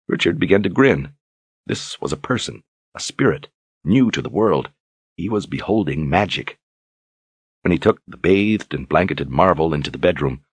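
A man narrating an audiobook in a measured, calm storytelling manner. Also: sits low, husky, no room sound.

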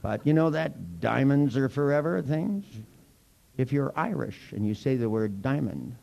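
A man's voice: mid-range voice, lively intonation, measured pace, gravelly, a little mellow, lo-fi sound. A man leading a live workshop, teaching in a playful, teasing way full of mock threats. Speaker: workshop leader.

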